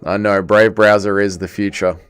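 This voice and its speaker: A young Welsh man hosting a casual livestream watch-along, chatting excitedly with his viewers and calling the action. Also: fairly low pitch, moderate pace, clean tone. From Wales. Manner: excitable, chatty, reads chat aloud. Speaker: livestream host.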